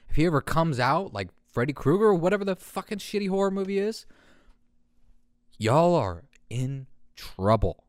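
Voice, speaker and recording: A man in his early twenties hosting a podcast, telling a story in a casual, profane, animated way and laughing often. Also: medium pitch, dry recording, studio quality. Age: early 20s. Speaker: podcast host.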